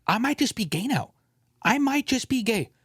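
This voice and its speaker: A man's voice: very high-pitched, very animated, moderate pace, fairly bright tone, slightly rough, no echo, studio quality. A man hosting a casual podcast, ranting and joking with his co-host, often mimicking other people's voices.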